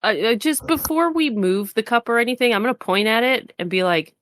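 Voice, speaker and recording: A woman's voice: a little high, lively intonation, brisk, fairly bright tone. A woman player in a tabletop game, chatting casually and animatedly. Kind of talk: casual chat.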